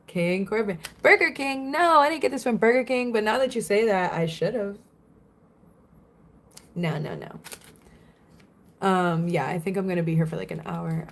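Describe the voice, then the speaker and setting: A woman's voice: on the low side, moderate pace, pauses often. A young woman from Florida chatting casually on a livestream, giggling often and answering viewers' comments.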